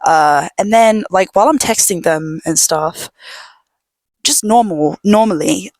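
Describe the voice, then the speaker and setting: Young female podcast host, lowish voice, loose rambling chat at home, dry close sound. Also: unhurried, no room sound. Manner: rambling, filler-heavy storytelling with many "like"s; drops to a hush at times. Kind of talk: casual chat.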